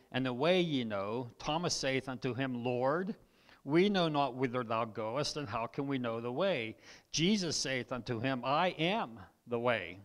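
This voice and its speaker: Pastor with a tired, weakening voice. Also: male voice, medium pitch. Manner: reads scripture aloud, throat clearing, repeats for emphasis. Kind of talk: sermon. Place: church.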